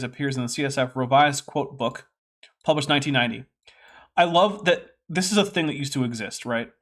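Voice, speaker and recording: A man's voice: mid-range voice, fairly bright tone. Wry man hosting a casual stream. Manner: wry, sarcastic asides, reads text aloud. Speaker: host. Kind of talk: casual commentary livestream.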